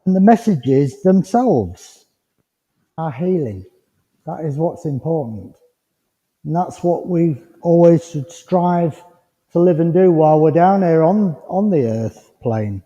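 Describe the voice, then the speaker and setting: A rambling, chatty man works as a medium before a congregation, his voice fairly high but very mellow and dark in tone. He sounds recorded in a village hall, with a long reverb tail and a dull, muffled lo-fi quality. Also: animated, takes it slowly. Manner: chatty, rambling, gently reassuring. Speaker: spiritualist medium.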